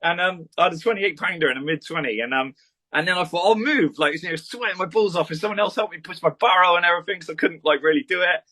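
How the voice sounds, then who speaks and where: A man's voice: sits high, fast, pushed and bright. A man, a podcast guest, rambling through a story in casual chat and swearing freely.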